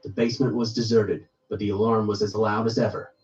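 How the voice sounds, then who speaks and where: A man reading a first-person horror story aloud in steady storytelling narration. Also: on the low side, brisk, recorded from a distance, dull audio, soft background music.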